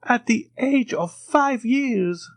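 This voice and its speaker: A man voicing a timid, eager old ex-soldier in a high, quavering, fawning voice. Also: big pitch swings, a little slow, no room sound, full character voice.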